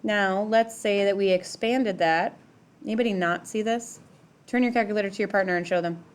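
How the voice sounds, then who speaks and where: A woman's voice: medium pitch, moderate pace, clear, resonant tone. A middle-aged woman teaching a math class in a classroom, talking casually, using "like" a lot and asking the students questions. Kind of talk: classroom lecture.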